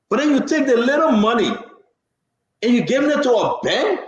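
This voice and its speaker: Fiery man, high lively voice. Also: a little fast, reverberant. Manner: impassioned, talks over others, repeats for emphasis. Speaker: talk show host. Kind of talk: heated political call-in talk.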